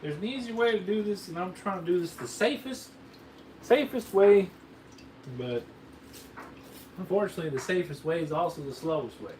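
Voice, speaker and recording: A man's voice: sits high, lively intonation, normal speed, long pauses, a little mellow. A man hosting a fireworks video in a put-on Southern drawl, folksy and joking as he rambles through a hands-on demo for a camera operator. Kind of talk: casual hands-on demonstration. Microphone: camera mic, filmed by a camera operator. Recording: roomy, distant camera audio with faint noise.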